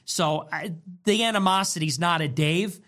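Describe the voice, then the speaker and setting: Speaking at normal speed in a mid-range voice, a talk show host launches into a heated monologue. It's animated and emphatic, laced with profanity, and certain phrases get repeated to drive points home.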